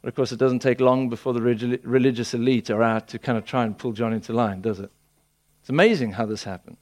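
A man preaching a sermon, telling the story with lively voicing of people. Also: mid-range voice, fast talker.

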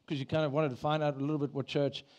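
A man's voice: fairly high pitch, level tone, rapid-fire, a little mellow. A man, a pastor, preaching a sermon in a church in a conversational way, asking the congregation questions.

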